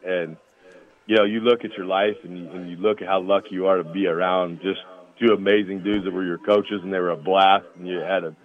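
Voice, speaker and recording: Low-voiced man on a tinny phone line. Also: fairly even intonation, fairly quick. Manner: rambling, laughs through anecdotes. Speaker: former college offensive lineman, guest. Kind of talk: casual storytelling.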